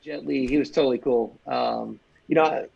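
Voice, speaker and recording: Gravelly-voiced man telling lively anecdotes. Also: mid-range voice, moderate pace, highs cut off. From Midwestern United States. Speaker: guest, fight choreographer. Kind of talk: storytelling interview chat.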